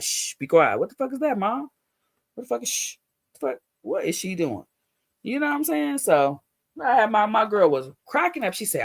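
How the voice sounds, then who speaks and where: A middle-aged woman hosts a livestream, chatting casually and laughing as she tells blunt, profane stories about raising her son. Her voice sits lowish, and the audio is studio quality with no echo.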